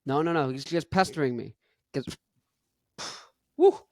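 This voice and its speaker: A man's voice: a little high, a little fast, darkish tone, no room sound, studio quality. Laid-back young male podcast host. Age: young adult. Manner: rambling, laid-back slang, chuckles between thoughts. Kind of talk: casual chat.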